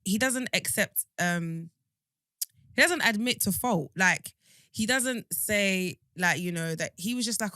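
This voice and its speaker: A woman's voice: mid-range voice, unhurried, sharp tone, dry recording, clean studio sound. A woman, co-hosting a podcast in casual chat, talking emphatically with many restarts. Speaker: podcast co-host.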